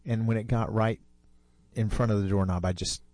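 Fifties male storyteller, low and warm, unhurried telling, dry recording. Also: steady tone, dry recording. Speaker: storyteller guest. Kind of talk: personal storytelling.

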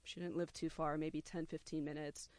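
Lively young storyteller, dry close sound. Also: medium pitch, normal speed, dry recording. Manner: animated, acts out the quotes with lively voices. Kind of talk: personal story told to a listener.

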